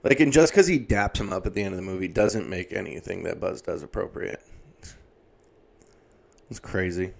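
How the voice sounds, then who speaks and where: Here the same kind of profane, exasperated comedic rant comes from a man in his thirties whose low, gravelly voice moves at normal speed with frequent pauses.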